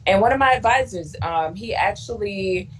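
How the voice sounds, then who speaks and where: A woman's voice: mid-range voice, moderate pace, poor audio. A young woman with a Southern American accent, a guest in a casual interview, telling a story and acting out the voices of the people in it. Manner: animated, acts out quoted voices. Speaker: guest scientist.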